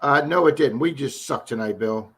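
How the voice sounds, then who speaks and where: A man's voice: mid-range voice, normal speed, a bit bright, breathy edge. A man joining a live stream chat, chatty and self-deprecating. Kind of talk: casual chat.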